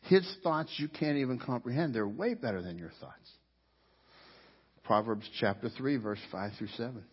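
A man preaching a sermon with great passion, rising to loud cries as he voices people's complaints to God. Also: mid-range voice, animated, unhurried, pauses often, husky. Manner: impassioned preaching, rising to near shouts when voicing complaints to God. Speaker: pastor. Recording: dull sound with long hall reverb.

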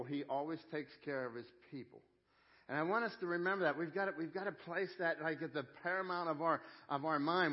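A man delivers a sermon in an earnest, conversational way, circling back over his phrases as he goes. His voice sits a little high for a man. The recording is dull and lo-fi. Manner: earnest, conversational preaching with repeated phrases and restarts. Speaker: pastor.

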